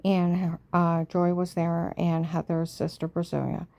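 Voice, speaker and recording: Gravelly, dark-voiced woman telling her story. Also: on the low side, flat delivery, a little slow. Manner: emotional, often drops to a hushed near-whisper; checks in with the listener by asking "okay?". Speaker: storyteller recounting her own past. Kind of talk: casual personal storytelling.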